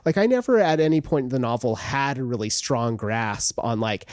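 A man's voice: medium pitch, animated, moderate pace, no room sound, clean studio sound. A man co-hosting a podcast, talking casually about a novel in a rambling way with many fillers and restarts. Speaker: podcast co-host. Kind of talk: casual book discussion.

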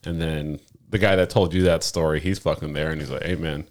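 A man co-hosting a podcast, telling a profane, animated story in casual chat. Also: a bass voice, a little fast. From Navy veteran. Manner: profane, animated storyteller who acts out quotes. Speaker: podcast co-host.

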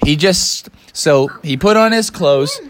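A woman's voice: sits low, lively intonation, takes it slowly, dry recording. A woman hosting a children's storytelling show, inviting the children to help tell the tale. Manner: warm, inviting, prompts children to add. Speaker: storyteller host.

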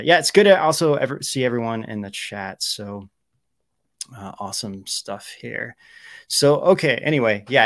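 A man's voice: mid-range voice, no echo, studio quality. A young man hosting a live stream, talking casually and rambling with many fillers and restarts. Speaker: show host.

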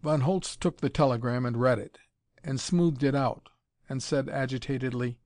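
A man narrating an audiobook in an even, measured reading voice. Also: mid-range voice, no echo. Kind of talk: scripted narration.

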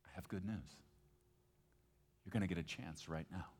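A male pastor preaching a passionate sermon, swinging between loud emphasis and hushed, intimate moments. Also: sits low, normal speed. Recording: long hall reverb, faint guitar.

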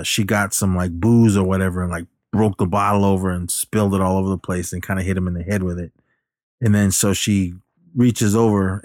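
A man's voice: low-pitched, no echo, clean studio sound. A man casually retelling a movie plot and giving his opinion, rambling with many fillers and restarts. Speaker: movie reviewer.

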